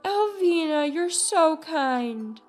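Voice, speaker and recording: Storybook figure: harsh older mother, loud and bossy, voiced by a woman. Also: high-pitched, animated, drawn-out words, soft background music, voice pushed up, full character voice. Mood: fond.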